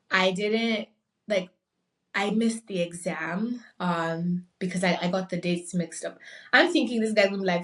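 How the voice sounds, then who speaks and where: A young adult woman from Nigeria, a podcast guest, telling a story in a casual, animated way and acting out the voices of the people in it. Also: medium pitch, normal speed, far from the mic. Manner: animated, acts out quoted voices.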